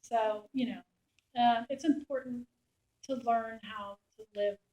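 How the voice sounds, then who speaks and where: A middle-aged woman, a war reporter, telling lively anecdotes to a class and acting out the soldiers' lines. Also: a little high, slow. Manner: animated anecdote-telling, acts out quoted soldiers. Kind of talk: storytelling talk. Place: lecture room. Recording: echoey room.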